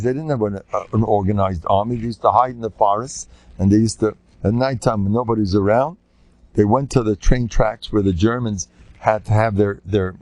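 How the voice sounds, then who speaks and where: Older rabbi with a gravelly, rambling voice. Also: male voice, lowish voice, a little mellow, no room sound. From United States. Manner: rambling storytelling with laughs and restarts. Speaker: rabbi teaching a class. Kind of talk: informal Torah talk with anecdotes.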